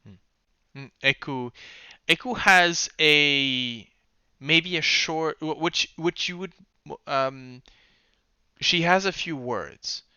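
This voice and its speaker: A man running a tabletop game, speaking slowly and hesitantly as he searches for words. His voice is bright and clear. The audio is dry and a little muffled. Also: fairly high pitch, no room sound. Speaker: game master.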